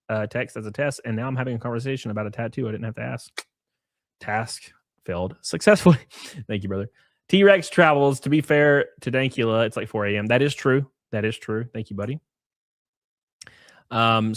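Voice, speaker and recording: A man's voice: medium pitch, no echo, clean studio sound. A man hosting a livestream, reading viewer messages aloud in casual, profane banter with frequent chuckles.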